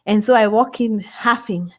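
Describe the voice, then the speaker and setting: A middle-aged woman, telling a story as an interview guest in an animated way. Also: mid-range voice. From Kenya. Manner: animated, acts out others' voices. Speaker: guest scientist.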